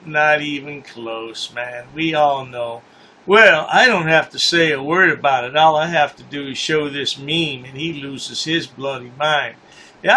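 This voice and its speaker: A man's voice: a little high, bright, forceful tone, slight background noise. A man hosting a commentary channel, mocking a news story in a sarcastic, scornful way and repeating his points for effect.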